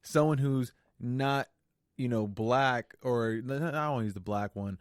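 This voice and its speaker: A man co-hosting a podcast in casual chat, talking haltingly with many fillers and questions. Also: medium pitch, dry recording, studio quality. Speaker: podcast co-host.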